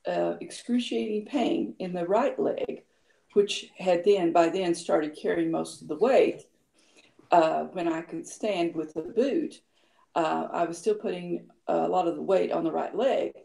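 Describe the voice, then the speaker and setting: A woman in her fifties, a guest sharing her health story, speaks with a fairly low, warm voice touched by vocal fry, in a roomy-sounding space. She tells it casually and chattily, with lots of fillers, frequent laughter and acted-out quotes.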